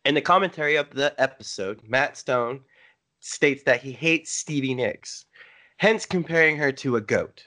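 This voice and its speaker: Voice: medium pitch, animated, normal speed, bright, forceful tone. A podcast co-host sharing trivia in a joking, casual way.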